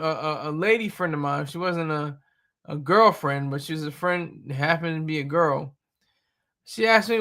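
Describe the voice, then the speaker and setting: A man's voice: a little high, gravelly, bright, forceful tone. A man in his thirties hosting a casual live stream, talking in a blunt, rambling and opinionated way. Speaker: streamer host.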